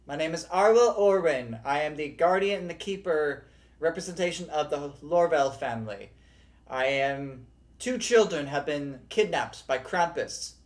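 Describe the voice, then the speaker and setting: A man voicing a tall armored female elf messenger who shouts urgently for help. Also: low-pitched, animated, moderate pace. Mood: pleading.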